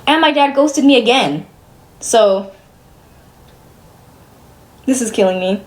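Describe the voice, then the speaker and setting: A young adult woman vents casually to her live stream chat, exasperated and profane, swinging between loud disbelief and weary muttering. Her voice is fairly high and animated, and she talks at a slow pace.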